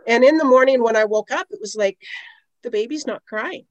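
Her voice a little high and her pace a little fast, a middle-aged Canadian aromatherapist rambles through long stories as a guest on an interview podcast, leaning on "you know" asides in a conversational style. The sound is dry and lo-fi.

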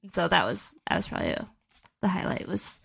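A woman's voice: fairly low pitch, big pitch swings, brisk, vocal fry, fairly bright tone, husky. Rambling young woman telling a story. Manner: rambling storytelling with many fillers. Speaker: podcast co-host. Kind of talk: casual chat.

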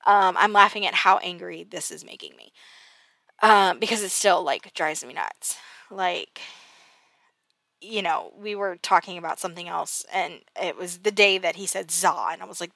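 A woman's voice: fairly low pitch, normal speed, creaky, sharp tone, no room sound. A woman, chatting casually on her podcast, exasperated and laughing at herself, with lots of fillers. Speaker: podcast host. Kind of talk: casual personal podcast talk.

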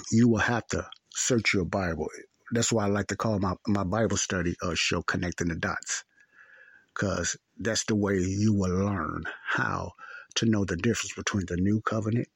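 Low husky preaching man. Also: fairly even intonation, normal speed, no echo. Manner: earnest, repeats phrases, asks "See?". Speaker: Bible teacher. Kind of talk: Bible study teaching.

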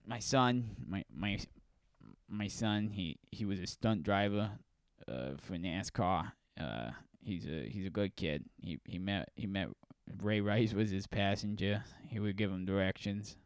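A man voicing a proud middle-aged father who talks quietly and haltingly. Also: on the low side, clear, resonant tone, no room sound, studio quality. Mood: sheepish.

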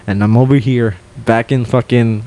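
A young man co-hosting a podcast, telling a story in casual chat, swearing and loudly acting out what people said. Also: mid-range voice, normal speed. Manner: animated, swears a lot, acts out quotes loudly. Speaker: podcast co-host.

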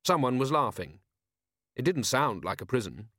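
A man reading an audiobook in calm, measured narration with dry humor. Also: mid-range voice, dry recording. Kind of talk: scripted narration.

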